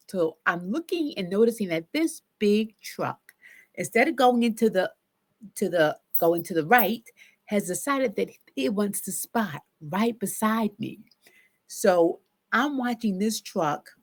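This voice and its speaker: A woman therapist, her voice mid-range, tells a personal story in a casual, animated way. She acts out her own shouts and self-talk as she goes.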